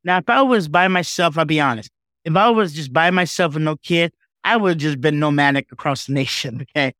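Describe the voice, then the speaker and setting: A man speaking as a podcast guest, telling a personal story with heartfelt, animated emotion and frequent asides like "okay?" and "man". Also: on the high side, fairly quick, no room sound, studio quality.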